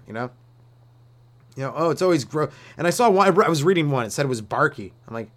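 A young man with a voice pitched a little high rants his way through a stand-up bit. He rambles, swears freely and slips into goofy put-on voices. The delivery is loose and conversational. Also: animated, fast talker. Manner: rambling, profane, acts out silly voices. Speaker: stand-up comedian. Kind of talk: solo comedy rant.

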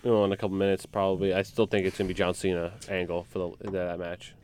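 A man co-hosting a casual podcast, talking excitedly. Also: sits low, fast, no echo. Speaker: podcast co-host. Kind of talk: casual chat.

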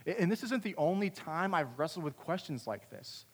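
A young man giving a youth talk, telling a funny story about himself in an animated way. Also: fairly high pitch, normal speed, breathy edge. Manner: animated, self-deprecating storyteller. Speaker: youth camp speaker. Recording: long hall reverb.

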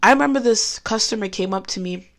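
A woman shares her own faith story in an open, conversational tone. Her voice sits in a middle register. She slows right down to press home the points she cares about. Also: medium pitch. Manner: candid and conversational, with emphatic slowed phrases. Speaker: Christian speaker giving a testimony. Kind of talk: personal faith talk.

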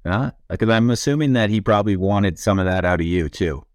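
Low-voiced male podcast host, easygoing interviewer on a close, dry mic. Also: brisk, dry recording. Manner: relaxed, conversational questioning. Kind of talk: interview questions.

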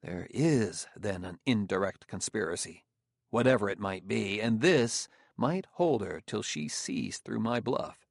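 A man's voice: lowish voice, expressive, measured pace, creaky, no echo, clean studio sound, full character voice. A man voicing a weary, stubborn middle-aged detective. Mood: guarded.

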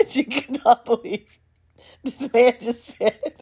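A woman telling a story in a casual vlog, animated and addressing viewers directly, often breaking into laughter. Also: a little high, slow, slightly rough.

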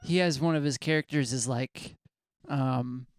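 A man's voice: medium pitch, measured pace. A man with dry, wry humor in a casual podcast chat.

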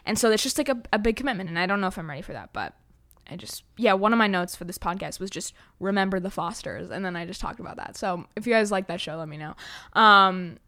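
A teenage girl talks through her solo podcast in a loose, rambling way, full of fillers and quick apologies for herself. Her voice has a bright, crisp edge. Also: mid-range voice, animated. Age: teens. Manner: rambling, self-deprecating, heavy use of "like" and "um". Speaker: podcast host. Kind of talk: casual solo podcast chat.

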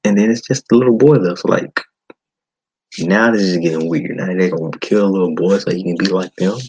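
A man hosting a podcast, giving a blunt, animated movie-review monologue with frequent swearing. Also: deep voice, brisk, slightly rough, rough recording. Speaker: podcast host.

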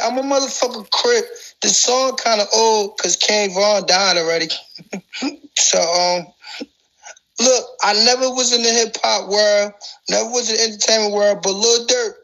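A woman's voice: on the high side, sharp tone, rough recording. A woman rambling in casual chat, crude and boastful, laughing constantly between lines.

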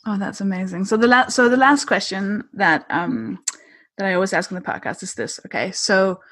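A woman's voice: medium pitch, moderate pace, a bit bright, no room sound. A woman hosting a podcast, chatting casually and setting up her questions with playful storytelling. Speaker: podcast host. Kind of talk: casual interview chat.

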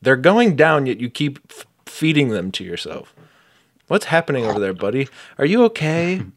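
A man co-hosts a comedy podcast, trading wry remarks in a relaxed way. His voice has an average pitch. The recording is dry and intimate. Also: moderate pace, dry recording. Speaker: podcast co-host. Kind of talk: casual comedic chat.

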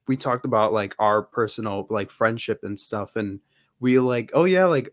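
Here a man co-hosts a podcast, rambling through casual fan chat with lots of fillers and restarts. He speaks at a moderate pace in a fairly low pitch with fairly even intonation; the studio-quality audio has no echo.

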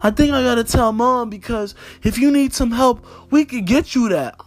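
A man's voice: very high voice, normal speed, voice pushed up. A man voicing his thirteen-year-old nephew, a shocked and earnest boy who stammers and pleads.

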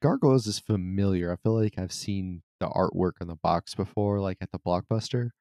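A man's voice: sits low, normal speed, dark tone, no echo, clean studio sound. A man co-hosting a casual gaming podcast, grumbling through dismissive, profane rants. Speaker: podcast co-host.

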